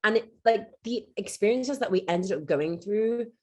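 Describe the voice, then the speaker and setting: A woman's voice: medium pitch, moderate pace, mellow. A young woman from the UK, chatting on a podcast and telling stories, acting out what people said. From United Kingdom. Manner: chatty, storytelling, acts out quotes. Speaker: podcast co-host. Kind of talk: casual storytelling chat.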